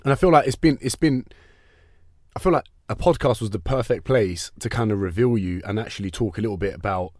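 A man hosting a casual podcast chat, full of excitable, sweary banter. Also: on the low side, fairly quick, no echo, clean studio sound. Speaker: podcast host.

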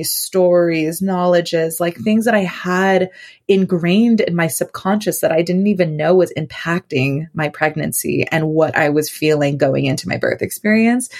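A woman guest on a podcast, telling a personal story in a loose, rambling way full of fillers. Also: fairly low pitch.

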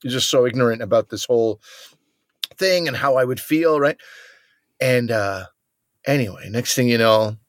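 A man's voice: medium pitch, moderate pace, pauses often, dry recording, studio quality. A man co-hosting a podcast, telling a comic story in a casual chat and acting out other people's lines. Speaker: podcast co-host.

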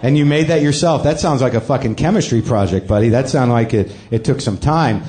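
On a comedy club stage, a middle-aged comedian hosts a live show, delivering a rambling, self-deprecating stand-up monologue packed with swearing. His voice sits at medium pitch with a dark tone, and he talks fairly quickly.

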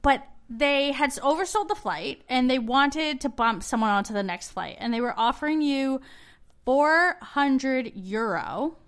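A woman with a fairly high voice chats easily as a podcast co-host. She tells stories and gives travel tips in a relaxed, talkative way. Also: unhurried, smooth. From not from Australia, living there three years. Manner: chatty, storytelling travel tips. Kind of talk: casual chat.

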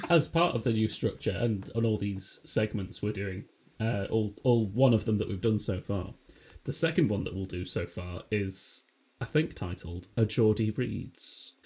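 A man chatting on a podcast, making dry, deadpan remarks. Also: fairly low pitch, unhurried, hardly any pauses, slightly rough. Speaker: podcast co-host. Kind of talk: casual chat.

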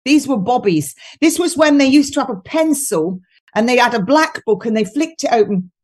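Woman guest on a podcast, kinda high voice, jokey and mocking, laughs a lot. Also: lively intonation, normal speed, breathy edge. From United Kingdom. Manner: chatty, mocking, laughs often. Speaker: guest nutritionist. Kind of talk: casual podcast chat.

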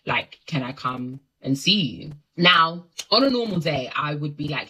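A woman's voice: sits low, normal speed, breathy edge, rough recording. A woman telling a casual storytime monologue to camera and acting out each quoted line. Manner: animated, acts out the quotes. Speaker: storyteller in a clip.

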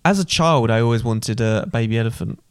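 A man's voice: mid-range voice, fairly quick, clear, resonant tone, no room sound, studio quality. A young man co-hosting a casual podcast with his dad, joking and reading out listener mail. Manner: jokey, playful, reads listener mail aloud. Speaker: podcast co-host, son. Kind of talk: casual chat.

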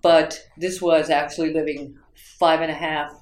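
In a reflective interview about her work, a writing instructor from the United States tells stories in a rambling way, full of fillers and false starts. She speaks in a low, level tone at a measured pace, and the room echoes around her.

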